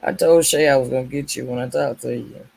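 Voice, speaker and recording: A woman's voice: very deep voice, fairly even intonation, fairly quick, gravelly, darkish tone, slightly rough. A woman hosting a casual late-night livestream, chatting with viewers by name and laughing often. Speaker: livestream host.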